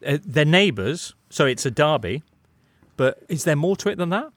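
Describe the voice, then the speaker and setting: A man hosting a sports show, brisk and chatty as he runs through results and brings in guests. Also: on the high side, very animated, fairly bright tone, no echo. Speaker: host. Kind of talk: sports radio presenting.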